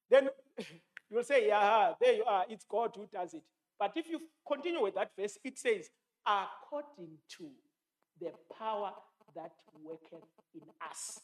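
A man delivers a sermon in a notably high voice. He talks emphatically, quotes scripture and repeats his key lines for weight. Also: fairly bright tone. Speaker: preacher.

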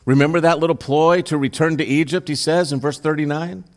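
A man's voice: a little high, steady tone, brisk. Man preaching a scripture sermon. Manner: reads scripture then preaches with rising intensity and direct questions. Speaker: pastor.

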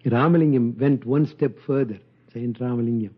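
An older man giving an informal spiritual talk, speaking slowly and gently and chuckling often. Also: fairly high pitch, expressive, husky, muffled recording. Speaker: spiritual teacher.

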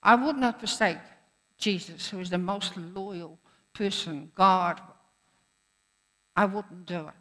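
A woman's voice: on the low side, takes it slowly, long pauses, a bit bright. A woman preacher giving a sermon in an earnest manner, repeating phrases for emphasis. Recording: echoey hall.

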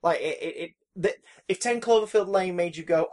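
A man co-hosting a casual film podcast, animated and profane, acting out reactions with loud exclamations. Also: sits high, normal speed. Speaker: podcast co-host.

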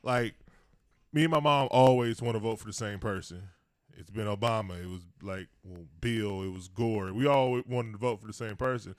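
A man's voice: on the low side, moderate pace, no echo, studio quality. A man co-hosting a casual chat show, talking loosely with lots of slang and frequent laughter. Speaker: podcast co-host.

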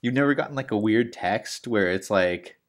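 A man's voice: lowish voice, moderate pace. A man in casual podcast chat, telling rambling stories full of "like" and restarts, with the odd swear.

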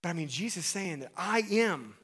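A man delivering a sermon with an animated style and a voice sitting a little higher than most men's. He acts out the Bible figures he quotes, then sinks into a low, hushed delivery for emphasis. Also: normal speed, husky. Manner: drops to a low hush for emphasis. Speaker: pastor.

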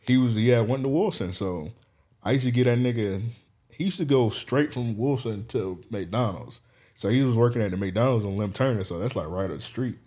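A man's voice: mid-range voice, normal speed, mellow. A young man co-hosting a podcast, telling a loose, profane story in casual chat and laughing as he goes. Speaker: podcast co-host.

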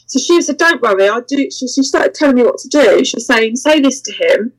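A woman's voice: fairly high pitch, brisk, low-quality recording. A woman, a guest in an interview, telling a story candidly and acting out the voices of the people in it. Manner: animated, acts out quoted voices, laughs through the story.

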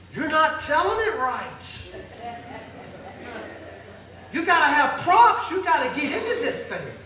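A man preaching an emotional sermon, swinging between loud calls and soft pleading, recorded from afar in a large church hall. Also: very high voice, a little hiss or hum. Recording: echoey hall from far off.

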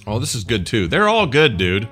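A man's voice: mid-range voice, very animated, moderate pace, a bit bright, faint music behind. A middle-aged man co-hosting a podcast in casual chat, joking and rambling, with mock rants. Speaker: podcast co-host.

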